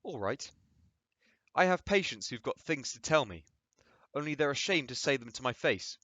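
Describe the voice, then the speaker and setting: A man playing a calm middle-aged psychiatrist who asks gentle, probing questions. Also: medium pitch, normal speed, no echo, muffled recording, pitched above the performer's own voice.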